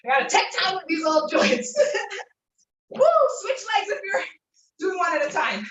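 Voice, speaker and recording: A woman leading a live workout class, energetic and encouraging, laughing and whooping while out of breath. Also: very high-pitched, a little slow, distant mic, lo-fi sound. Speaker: fitness instructor. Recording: echoey room, voice from off-mic.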